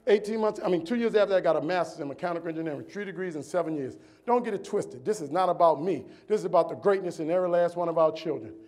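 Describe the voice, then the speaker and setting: A man's voice: sits high, very fast, few pauses. A man, giving a rhythmic, preacherly motivational speech on a convention stage. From New Orleans, US. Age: 40s. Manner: preacherly, rhythmic lists, voice swings from loud to hushed. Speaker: keynote speaker.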